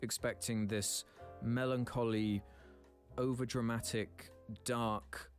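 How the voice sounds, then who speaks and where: A man's voice: medium pitch, fairly even intonation, slow, soft background music. A man with an English accent telling a casual story about his voice-acting work. He mocks himself, laughs often and stumbles through restarts. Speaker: YouTuber and voice actor.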